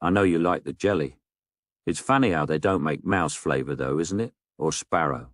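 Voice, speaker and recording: Very deep-voiced deadpan man. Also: moderate pace, no room sound, studio quality. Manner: deadpan, wry, mock-indignant asides. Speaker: narrator. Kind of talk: dry comic storytelling monologue.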